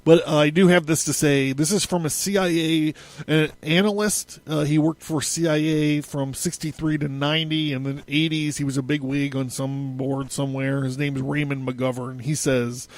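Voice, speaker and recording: A man's voice: on the high side, fairly even intonation, moderate pace. Rambling, profane male podcaster. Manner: profane, rambling, laughing, stammering. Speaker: podcast host. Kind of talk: casual solo podcast commentary.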